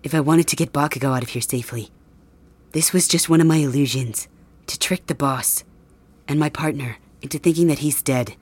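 A woman voicing a young illusionist who turns out to be an ally, calm and matter-of-fact. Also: low voice, brisk, breathy edge. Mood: explaining. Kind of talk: audio drama role-play.

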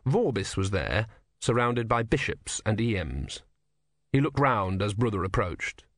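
A man narrating an audiobook with expressive storytelling. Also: lowish voice, unhurried, dry recording, studio quality. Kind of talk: scripted narration.

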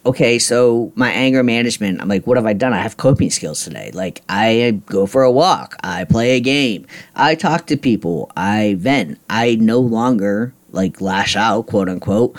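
A middle-aged man hosting a podcast, telling a personal story in a blunt, frustrated, ranting way with casual swearing. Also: fairly low pitch. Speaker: podcast host.

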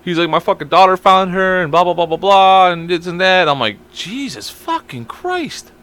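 A man's voice: high-pitched, fairly even intonation, a little fast, a bit bright, smooth. Swearing young man telling stories. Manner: swearing storyteller, quotes people in raised voices. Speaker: podcast co-host. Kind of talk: casual chat.

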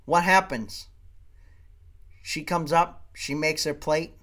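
A man hosting a podcast, ranting comedically with profanity and loud swings in volume. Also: on the high side, slow. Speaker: podcast host. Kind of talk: comedic rant.

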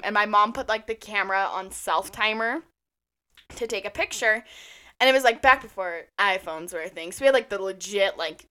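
A woman in her twenties co-hosting a podcast, telling stories in an animated, teasing way with lots of swearing. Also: mid-range voice, smooth. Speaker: podcast co-host. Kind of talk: casual chat.

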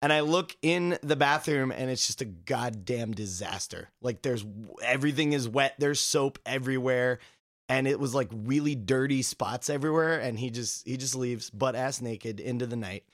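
A male podcast co-host spins a casual anecdote, looping back with fillers as he goes. His voice sits at an ordinary middle pitch. The sound is dry and close, with no room around it. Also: moderate pace, no room sound. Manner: rambling, filler-heavy storytelling.

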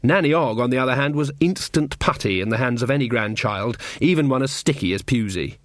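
A man narrating a novel in a measured storytelling voice of middling pitch. The recording is dry and close, with no room sound. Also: no echo. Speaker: audiobook narrator. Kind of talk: scripted narration.

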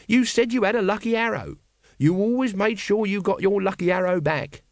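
A man's voice: high-pitched, lively intonation, normal speed, no echo, studio quality, pitched above the performer's own voice. A man playing a cheeky, nosy guardsman. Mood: needling. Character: cheeky scruffy male city guardsman.

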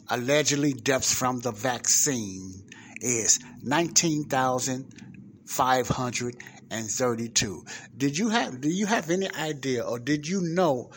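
A man's voice: mid-range voice, slight background noise. A man hosting a podcast, reading out figures emphatically and putting questions straight to the listener. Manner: emphatic, repeats numbers and asks the listener directly. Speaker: podcast host. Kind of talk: commentary over a played clip.

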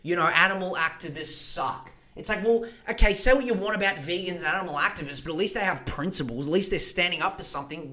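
A man's voice: high-pitched, fast, hardly any pauses, sharp tone. Fired-up swearing man. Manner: passionate, swearing, speeds up when worked up. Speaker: podcast host. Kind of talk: casual political rant.

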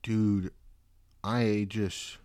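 A young man hosting a casual solo podcast who rambles, swears and breaks into loud, disbelieving outbursts. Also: fairly low pitch, little pitch movement, extremely slow, clean tone, no room sound. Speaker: podcast host.

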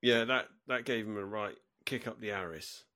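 A man's voice: on the low side, moderate pace, bright, forceful tone. A man co-hosting a casual podcast chat, explaining slang with enthusiasm and acting out little quoted lines. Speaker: podcast co-host.

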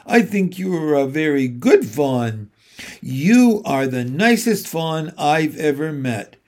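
A man's voice: fairly high pitch, sing-song, takes it slowly, a little mellow. A man voicing an earnest, kind young girl in a storybook reading, pleading with a friend.

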